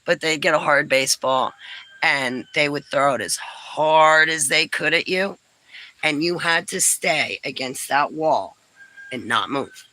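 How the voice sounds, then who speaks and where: A middle-aged woman from New Jersey, telling stories in a chatty vlog, breaking into lively exclamations and laughs. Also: low voice, measured pace, low-quality recording. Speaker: vlogger. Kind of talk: casual storytelling chat.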